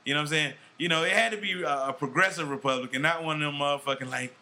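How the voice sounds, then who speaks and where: A man hosting a loose podcast chat, talking in a bright, forceful voice pitched a little high. He swears constantly and uses street slang, with an animated, joking delivery. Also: quick pace. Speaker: podcast host. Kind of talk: casual profane chat.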